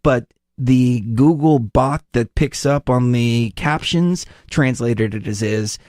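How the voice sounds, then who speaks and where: A man hosts an interview podcast, chatting loosely and animatedly. He tells rambling stories. His voice sits mid-pitch, recorded dry and close. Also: takes it slowly, a little mellow, no echo. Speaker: host. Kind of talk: casual interview chat.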